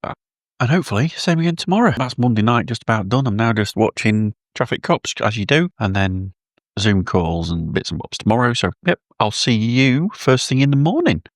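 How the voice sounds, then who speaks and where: A man's voice: mid-range voice, sing-song, normal speed, no echo, studio quality. A British man keeping a casual, rambling video diary, chatting to his phone camera with a self-deprecating manner. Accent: British English. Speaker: vlogger.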